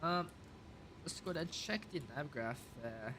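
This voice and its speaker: With lively intonation and a slightly high voice, this flight sim streamer chats his way through a simulated airliner flight at normal speed. He calls out checklists and thinks out loud with many fillers, and background noise can be heard.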